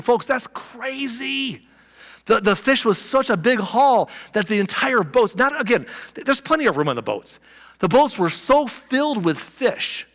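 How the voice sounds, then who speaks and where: A man preaches a sermon in a lively, conversational way, leaning hard on his points. His voice sits somewhat high for a man and rings out with the long reverb of a church sanctuary. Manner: animated, conversational, emphatic. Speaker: pastor.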